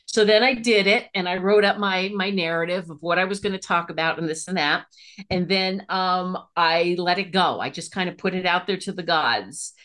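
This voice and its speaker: A middle-aged woman talks as a podcast guest in a fairly low voice. She tells her stories with animation and jumps much higher when excited. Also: moderate pace. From Pennsylvania. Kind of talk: casual interview chat.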